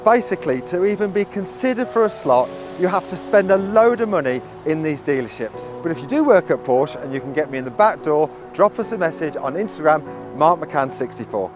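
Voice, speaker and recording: A man's voice: a little high, lively intonation, brisk, few pauses. A man narrating his car vlog in an earnest, determined way. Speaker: car vlogger. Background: music.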